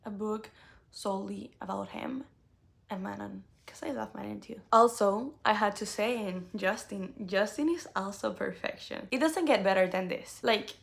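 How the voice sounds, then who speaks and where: Gushing young woman with a gravelly edge. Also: medium pitch, normal speed. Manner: gushing, animated, with many "like" fillers. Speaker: book vlogger. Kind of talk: casual book tag chat.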